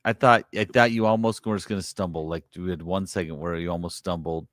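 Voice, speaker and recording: A man with a low voice co-hosts a podcast in a dry, close-miked room. He is laid-back and teasing and laughs easily along with his partner. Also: fairly even intonation, fairly quick, no room sound. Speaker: podcast co-host. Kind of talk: casual podcast banter.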